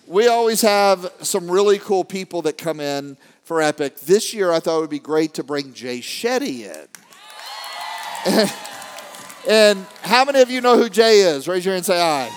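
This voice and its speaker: A man's voice: sits high, lively intonation, unhurried, clean tone. Man preaching to a crowd in a hall. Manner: dynamic, swings from hushed to shouting; rallies the crowd with call-and-response questions. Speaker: motivational speaker. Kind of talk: live keynote to an audience. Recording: long hall reverb.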